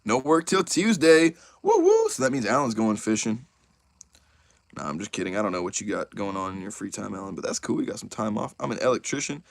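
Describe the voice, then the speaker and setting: A young man hosting a casual live stream, excitable and chatty, talking straight to his chat. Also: lowish voice, fairly quick, creaky, no room sound. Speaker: YouTuber host of a live stream.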